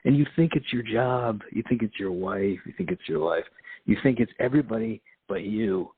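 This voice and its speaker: A man's voice: fairly low pitch, moderate pace, breathy edge, dry recording. A man hosting a podcast in a rambling, profane monologue that comes off as preachy, laughing often as he talks. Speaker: podcast host. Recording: phone-like lo-fi sound, dry.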